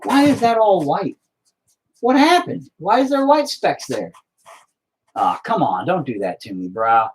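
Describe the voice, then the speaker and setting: A man's voice: high-pitched, sing-song, unhurried, slight background noise. A young man chatting casually while he paints, self-deprecating and swearing constantly as he talks to his painting. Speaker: painting video host.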